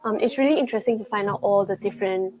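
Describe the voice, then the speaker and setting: A young woman hosting a live travel vlog, chatting excitedly while tasting food at a restaurant. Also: mid-range voice, very fast, rough recording. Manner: chatty and excitable, with frequent gasps and laughs. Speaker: travel show host. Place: indoors at a restaurant.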